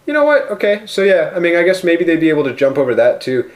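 A man's voice: on the high side, sing-song, quick pace. A man co-hosting a casual comedy podcast, rambling and joking crudely, sometimes playing mock-offended. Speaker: podcast co-host.

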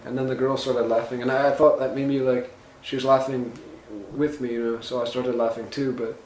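A man's voice: mid-range voice, little pitch movement, a little fast, a little mellow, recorded from a distance. Podcast co-host, a man from California, who tells long defensive stories, trips over his words, is recorded in a reverberant room. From San Jose, California. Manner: defensive, rambling, stammering restarts. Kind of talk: casual comedic banter. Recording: roomy with faint noise.

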